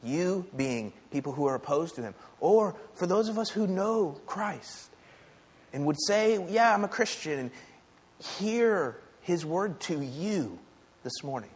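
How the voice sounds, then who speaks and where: A man's voice: fairly high pitch, very animated, takes it slowly, darkish tone, breathy edge, long reverb tail. A man preaching a sermon in a church, with a conversational, emphatic delivery and frequent rhetorical questions to the congregation. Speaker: pastor. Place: church sanctuary.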